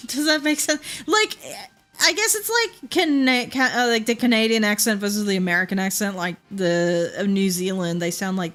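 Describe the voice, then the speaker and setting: A woman's voice: medium pitch, unhurried, a bit bright, faint music behind. A young woman with a Queensland Australian accent, chatting casually while streaming a game, rambling with lots of fillers and laughs. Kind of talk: casual gameplay chat.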